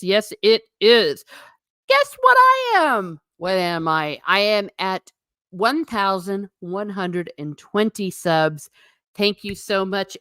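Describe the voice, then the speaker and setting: A woman hosting a casual livestream, talking excitedly and chatting with viewers. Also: medium pitch, dry recording, clean studio sound. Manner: animated, exclaiming, talks to chat. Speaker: livestream host.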